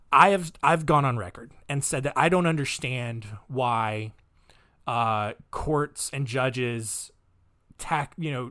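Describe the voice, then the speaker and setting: A podcast host with a voice on the high side tells a true-crime story casually, adding wry, incredulous asides and lots of "um" and "all right?". The studio-quality recording has no room sound.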